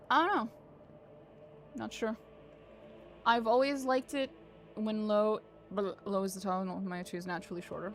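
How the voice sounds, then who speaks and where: A woman's voice: mid-range voice, fairly bright tone. A woman streamer chatting casually and jokily with her chat while playing a game. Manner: chatty, joking, laughs often. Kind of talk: casual livestream commentary.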